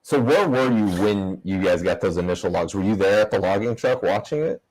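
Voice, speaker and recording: Low-voiced man hosting a casual interview. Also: fairly quick, darkish tone, low-quality recording. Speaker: show host, interviewer.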